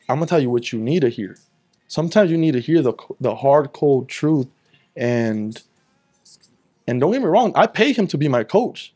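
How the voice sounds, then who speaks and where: A man's voice: on the high side, expressive, moderate pace, a little mellow. A young man in casual chat, telling a long story at a rambling pace, swearing freely and acting out what others said. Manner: rambling, swears freely, acts out quoted talk. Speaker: guest.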